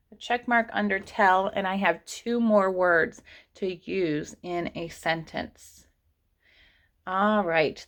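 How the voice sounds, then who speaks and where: Slow, patient woman teaching kindergarten. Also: medium pitch. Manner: slow, patient, sounding out letters for kids. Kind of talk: online writing lesson for young children.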